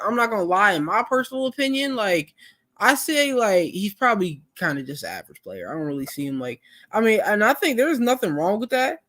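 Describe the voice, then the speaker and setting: A man's voice: high voice, a bit bright. Laid-back young man streaming. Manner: laid-back, rambling, many fillers. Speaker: live stream host. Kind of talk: casual live-stream chat.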